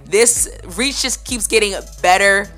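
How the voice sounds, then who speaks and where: A woman co-hosting a radio show, chatting in an energetic, casual way and often saying "listen" while giving shout-outs. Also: mid-range voice, unhurried, faint music behind. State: voice still recovering.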